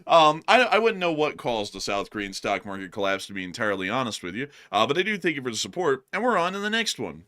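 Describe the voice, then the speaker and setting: A man's voice: mid-range voice, sing-song, fast talker, few pauses. A man hosting a live stream, chatting casually and joking as he reads out and answers viewer messages. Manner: joking, rambling, swings between loud and quiet. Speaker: host.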